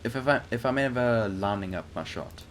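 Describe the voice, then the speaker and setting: A young man who hosts a gaming channel talks over footage of his flight game, his commentary hesitant, rambling and full of fillers. His voice is medium in pitch, animated and fairly quick. Game noise plays in the background.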